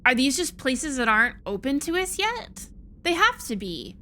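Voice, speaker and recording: A woman's voice: sits high, very animated, normal speed, pushed and bright, a little hiss or hum. A woman streaming a video game, chatting casually, frustrated and swearing freely. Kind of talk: casual let's-play commentary.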